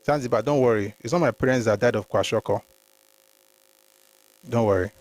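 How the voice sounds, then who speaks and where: A history livestream host with a mid-range, darkish voice speaks fairly quickly in a recording without room sound. He reads documents aloud with emphatic commentary, greets viewers by name, and blends in Yoruba phrases.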